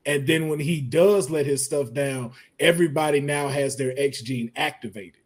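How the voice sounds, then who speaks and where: A man hosting a podcast in casual, slangy chat. He gets animated and laughs often with his co-hosts. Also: on the high side, moderate pace, husky.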